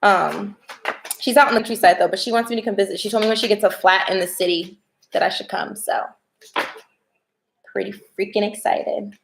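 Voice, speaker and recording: A young American woman reading tarot cards and chatting casually with viewers on a livestream, excitable and talkative. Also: medium pitch, brisk, vocal fry, long pauses, roomy sound, noisy background. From United States. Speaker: tarot reader.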